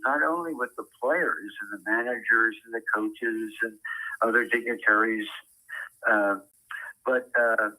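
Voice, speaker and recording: An older man who works as a ballpark public address announcer, speaking as an interview guest with precise enunciation and frequent "uh" pauses. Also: fairly low pitch, bright, forceful tone, low-quality recording.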